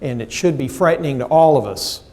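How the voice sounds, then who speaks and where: Animated and fairly quick, a middle-aged American man presents a professional development seminar in a mid-range, slightly mellow voice. He is emphatic, peppers the audience with questions, and acts out the people he quotes.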